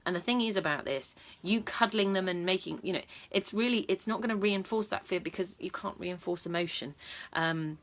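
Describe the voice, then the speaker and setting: Her voice sits lowish and sounds a bit bright. This dog trainer and vlog host talks casually to camera with advice, matter-of-fact and chatty, full of ums and restarts.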